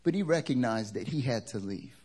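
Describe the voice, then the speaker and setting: A male pastor from the American South, preaching a sermon through funny personal stories, animated and joking. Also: mid-range voice, brisk, breathy edge. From Southern United States. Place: church service.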